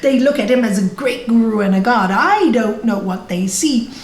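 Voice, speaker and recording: A woman voicing a scornful male boatman who mutters quick, dismissive grumbles, in an echoey room over a video call. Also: a little high, animated, darkish tone, natural voice.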